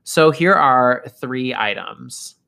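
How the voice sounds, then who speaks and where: A man's voice: medium pitch, animated, takes it slowly, gravelly, sharp tone. A man co-hosting a podcast, chatting playfully and saying "like" often. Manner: playful, says "like" a lot. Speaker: podcast co-host. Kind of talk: casual chat.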